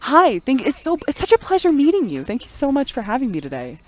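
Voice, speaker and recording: A woman putting on an overly polite, high customer-service voice for a job interview. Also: wildly swooping pitch, fast.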